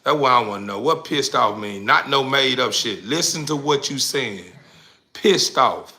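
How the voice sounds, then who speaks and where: A man's voice: medium pitch, animated, normal speed, sharp tone. A man in his forties ranting profanely to a live chat, rambling and repeating the same questions in crude slang. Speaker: livestreamer.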